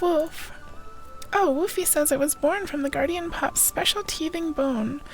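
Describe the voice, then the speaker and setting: A woman's voice: sits high, poor audio. A woman streamer reading a game's story dialogue aloud in a playful way. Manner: playful, voices the characters' lines. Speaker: game streamer.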